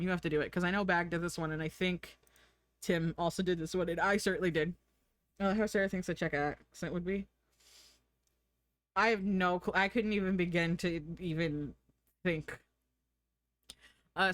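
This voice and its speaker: A woman's voice: medium pitch, fairly bright tone, no echo. Giggly American woman streamer. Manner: chatty, giggly, thinks aloud. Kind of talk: casual live-stream chat.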